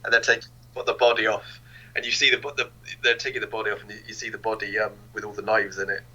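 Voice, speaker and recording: Bright, husky-voiced podcast co-host. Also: male voice, lowish voice, little pitch movement, fast talker, poor audio. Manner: hesitant, repeats words while recalling scenes. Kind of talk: casual film review chat.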